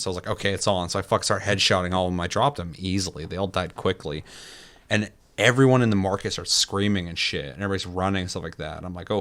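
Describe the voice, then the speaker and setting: Low-voiced man swapping gaming stories. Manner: animated storytelling, heavy swearing, laughs often. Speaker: podcast co-host. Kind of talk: casual gaming chat.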